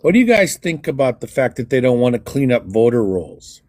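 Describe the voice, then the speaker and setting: A man's voice: mid-range voice, big pitch swings, fairly quick, darkish tone, dry recording, studio quality. A man in a casual political debate who asks questions and rambles through his points. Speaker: debate guest.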